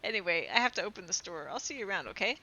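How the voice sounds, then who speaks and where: A woman's voice: medium pitch, lively intonation, very fast, highs cut off, lightly acted. A woman doing a bubbly young shop girl. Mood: cheerful. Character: cheerful young shop girl, eager and friendly. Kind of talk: voice acting a video game. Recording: clear music behind.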